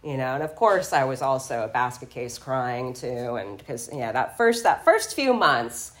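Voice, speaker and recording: Woman, low voice, tearful personal testimony, rambling with fillers. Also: sing-song, a little slow. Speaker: recovering alcoholic sharing her story. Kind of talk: personal testimony at a recovery meeting.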